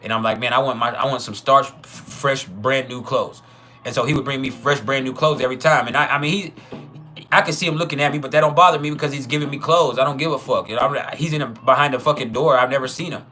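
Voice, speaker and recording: A man's voice: mid-range voice, rapid-fire, pushed and bright, faint music behind. A man casually telling a personal story, profane and chuckling, with many trailing restarts. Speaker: channel host.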